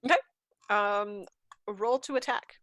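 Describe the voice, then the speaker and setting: A woman's voice: medium pitch, takes it slowly, fairly bright tone. Easygoing woman game master. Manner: easygoing, describes action loosely with fillers. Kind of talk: narrating a tabletop game.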